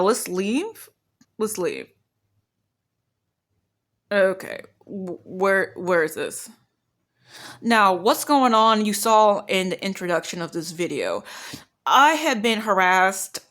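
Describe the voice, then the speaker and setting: A woman's voice: mid-range voice, fairly bright tone. Woman, 40s, vlogging an emotional monologue to camera; agitated, repeats herself, speech catches when upset. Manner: agitated, repetitive ranting.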